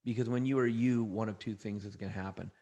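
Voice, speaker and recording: A middle-aged man from Canada, a trainer telling energetic motivational stories as an interview guest, often restarting phrases. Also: on the low side, fast talker, lo-fi sound. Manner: energetic, anecdotal, frequent restarts. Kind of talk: motivational storytelling.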